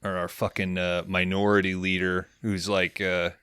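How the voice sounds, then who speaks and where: A young man riffs through a movie recap on a podcast, swearing freely and rambling between jokes. His fairly low voice comes across bright and forceful. The sound is dry and close to the mic. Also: level tone, clear, resonant tone, no echo. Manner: profane, rambling, acts out characters in quick voices. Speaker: podcast co-host recapping a film. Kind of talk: casual comedic movie recap.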